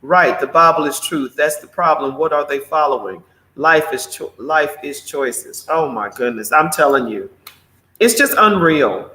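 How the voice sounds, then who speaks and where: Outspoken high-voiced man hosting a live show. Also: expressive, unhurried, bright, forceful tone. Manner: exclamatory, outspoken, talks straight to viewers. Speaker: morning show host. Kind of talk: live commentary, reading viewer comments. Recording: roomy echo.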